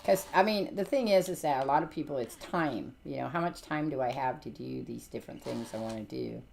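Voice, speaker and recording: Low-voiced woman chatting while gaming. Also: fairly quick, vocal fry, darkish tone, a little hiss or hum. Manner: rambling, chatty, full of fillers and restarts. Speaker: streamer. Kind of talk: casual chat while gaming.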